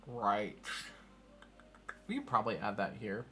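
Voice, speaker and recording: A man's voice: lowish voice, sing-song, unhurried, sharp tone, soft background music. A man streaming while he programs, muttering to himself, scolding his code and turning to joke with his viewers. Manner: self-mocking, laughs with viewers. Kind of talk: casual chat while programming.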